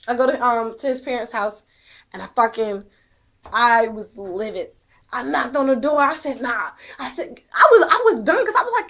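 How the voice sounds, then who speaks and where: High-voiced woman telling a heated story. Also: animated, normal speed, a bit bright. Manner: profane, emphatic, heated; repeats "okay?" to press her point. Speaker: mother telling a personal story. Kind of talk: emotional first-person storytelling.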